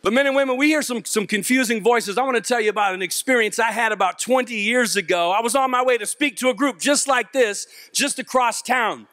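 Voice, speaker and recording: Animated, high-pitched male motivational speaker. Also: fairly quick, hardly any pauses, no room sound, clean studio sound. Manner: animated storyteller, acts out voices and jokes. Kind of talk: comedic motivational speech to teens. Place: large auditorium with a young audience.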